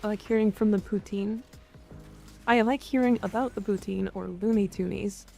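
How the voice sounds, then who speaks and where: A Canadian woman streams live, reading and answering her chat casually and frankly, with some swearing and jokes. Her voice is medium-pitched, steady, and darkish, with vocal fry at a normal speed, over soft background music.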